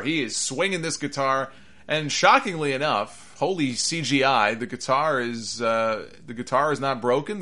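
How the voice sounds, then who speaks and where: A man with a bright, forceful voice runs through a casual review show. He talks in a chatty, animated way, often breaking into laughter at the absurd bits. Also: mid-range voice. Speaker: wrestling podcast host.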